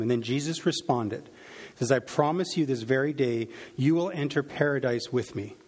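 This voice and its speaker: A man's voice: medium pitch, moderate pace. A man preaching, reading a Bible passage aloud and reflecting on it, with frequent fillers and restarts. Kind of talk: sermon reading and teaching from scripture.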